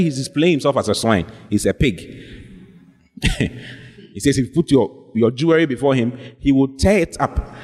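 A male pastor preaching a sermon, telling a story and acting out both sides of the conversations. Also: mid-range voice. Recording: echoey hall reverb.

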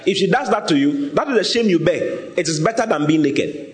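Man, sermon, lively swooping voice, fairly high, echoey room. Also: brisk. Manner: animated storytelling, often asks the listeners questions. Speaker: preacher.

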